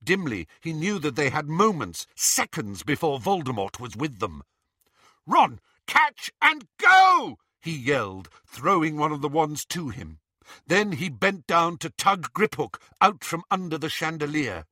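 A man's voice: fairly high pitch, normal speed, no echo, studio quality. A man narrating a fantasy story aloud, reading dramatically and voicing the characters. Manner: animated, dramatic reading with voices. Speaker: audiobook narrator.

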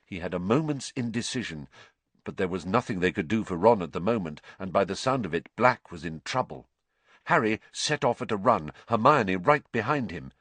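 Male audiobook narrator, lower voice, lively dramatic read, dry close mic. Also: normal speed, no echo. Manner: expressive, rising with the action. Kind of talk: dramatic storybook reading.

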